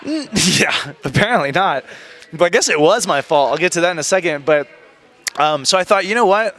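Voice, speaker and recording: A man telling stories as an interview guest in a casual, animated way, slipping into other people's voices. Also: a little high, normal speed.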